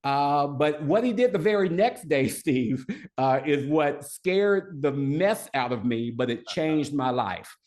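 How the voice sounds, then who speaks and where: A man's voice: fairly high pitch, expressive, takes it slowly, hardly any pauses, darkish tone. A man guest on a podcast, telling a personal story in an earnest way, with an occasional stutter. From United States. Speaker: podcast guest, leadership coach. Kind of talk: storytelling interview answers.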